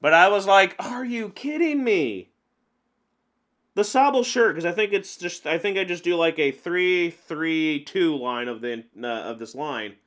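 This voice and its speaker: A man giving casual gameplay commentary on a card game, chatty and openly venting his frustrations with animated outbursts. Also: fairly high pitch, normal speed, few pauses. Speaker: gaming channel host.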